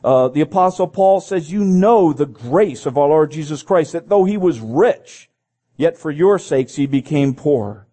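A man's voice: fairly high pitch, lively intonation, measured pace, dark tone. A man preaching a sermon. He reads scripture aloud and breaks in with his own comments, repeating phrases as he goes.

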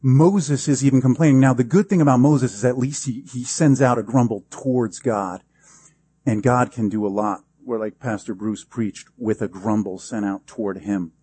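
A man's voice: medium pitch, moderate pace, warm tone, breathy edge, no echo. A pastor preaching a sermon in a conversational, emphatic way, acting out the quotes he gives.

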